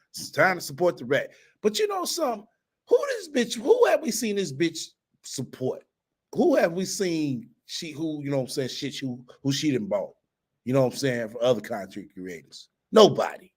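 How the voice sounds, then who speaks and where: A man's voice: mid-range voice, sing-song, normal speed, breathy edge. A man hosting a casual commentary livestream, swearing a lot, mocking and laughing as he reads and answers comments. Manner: profane, mocking, laughs often. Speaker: host.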